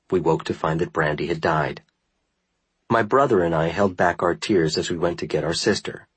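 A man narrating a first-person memoir in a measured, earnest reading style. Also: sits low, slightly rough, no echo, low-quality recording. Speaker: audiobook narrator.

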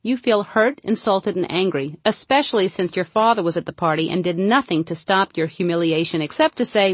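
A woman narrates her humorous audiobook in a wry, dry comic manner. Her voice sits a little low, and it is recorded close with no room echo at all. The delivery stays steady and knowing as she reads. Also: a little fast, hardly any pauses.

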